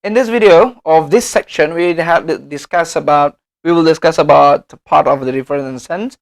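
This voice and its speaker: A man's voice: fairly high pitch, normal speed. Indonesian-accented man teaching a lecture. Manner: explains step by step with examples, frequent self-corrections. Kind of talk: recorded lecture.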